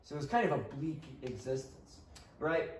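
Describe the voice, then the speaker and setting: A man's voice: fairly high pitch, sing-song, normal speed, a little mellow, a little hiss or hum. A man teaching a casual co-taught history lesson, conversational and often checking in with listeners. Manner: conversational, checks in with frequent "right?". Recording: roomy sound, mic at a distance.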